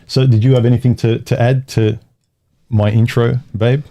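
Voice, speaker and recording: A man's voice: mid-range voice, little pitch movement, normal speed, warm tone. A man hosting a casual livestream, talking in loose, rambling phrases with frequent restarts. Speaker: livestream host.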